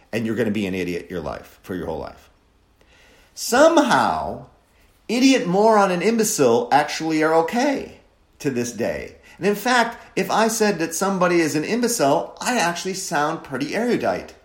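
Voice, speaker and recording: A man from Wisconsin giving a sardonic, opinionated monologue as a commentator, mocking and mimicking voices to make his point. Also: medium pitch. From Wisconsin, USA. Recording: roomy echo.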